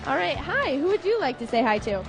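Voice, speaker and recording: A young woman as sideline reporter, asking kids brisk, cheerful questions. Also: high voice, very animated. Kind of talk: short sideline interviews with kids. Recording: loud crowd and music behind.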